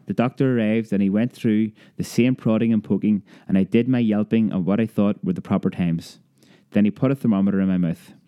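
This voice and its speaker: A man reading a childhood memoir aloud as an audiobook, lively storytelling that raises his pitch for a child's cries. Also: dull audio. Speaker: narrator.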